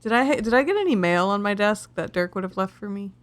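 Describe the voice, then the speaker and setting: Animated woman playing a tabletop game. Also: medium pitch, quick pace. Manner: animated, narrates her character's actions in first person. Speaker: player. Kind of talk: casual tabletop role-play chat.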